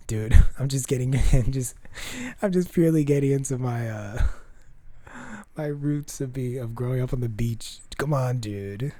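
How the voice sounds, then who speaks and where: A man with a very deep, mellow timbre rants through a casual solo podcast. He talks in an opinionated way, stopping and restarting and swearing. His voice sounds close and dry, with almost no room around it. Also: no room sound. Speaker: podcast host.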